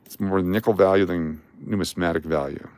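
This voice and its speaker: An older man with a low, brisk, slightly mellow voice chats and jokes on a live stream. He's a coin collecting streamer, sorting coins and calling out their dates and mint marks as he goes.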